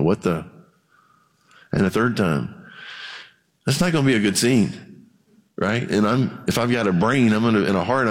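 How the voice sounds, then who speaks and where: A male pastor delivers a conversational, animated sermon, dropping into quoted voices as he tells the story. His voice sits at an ordinary pitch for a man. The long reverb of a church hall trails behind every phrase.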